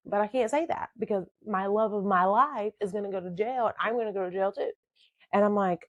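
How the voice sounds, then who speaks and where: A woman's voice: mid-range voice, moderate pace, dry recording, muffled recording. Emotional woman telling her story. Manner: emotional, animated, dramatic. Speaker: podcast host telling her life story. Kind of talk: personal storytelling.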